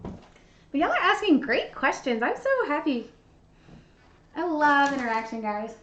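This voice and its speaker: A woman's voice: sits high, big pitch swings, unhurried, fairly bright tone, slight background noise. A young woman hosting a live baking demonstration, chatty and bubbly as she talks to her viewers from a kitchen. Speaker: baking show host. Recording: dull lo-fi stream audio.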